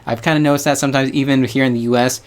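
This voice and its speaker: A man's voice: mid-range voice, steady tone, racing. A young man from the United States talking casually to his viewers, rambling with hedges and slang. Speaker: vlogger. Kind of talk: casual vlog monologue.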